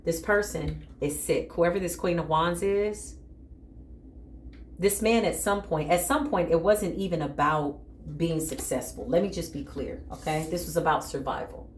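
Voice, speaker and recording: A woman's voice: lowish voice, moderate pace, echoey room, slight background noise. A woman giving a dramatic spiritual tarot reading, talking straight to her viewers in an emphatic, casual way. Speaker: tarot reader.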